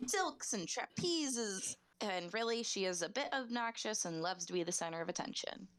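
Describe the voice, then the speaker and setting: A woman chatting casually as a tabletop game player, hiccuping and halting as she talks. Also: medium pitch, lively intonation, fairly bright tone. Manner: halting, with fillers and restarts. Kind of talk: casual chat.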